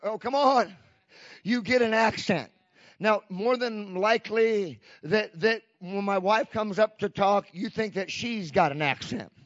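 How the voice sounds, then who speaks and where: A man preaching a fervent sermon as pastor, calling out "come on" to the church and swinging between shouts and hushed lines. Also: high-pitched, measured pace, no echo. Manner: fervent preaching with repeated "come on" call-outs. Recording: dull lo-fi, dry sound.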